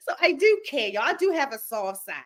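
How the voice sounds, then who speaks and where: A woman co-hosting a podcast in casual chat, blunt and teasing, laughing often. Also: high-pitched. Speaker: podcast co-host.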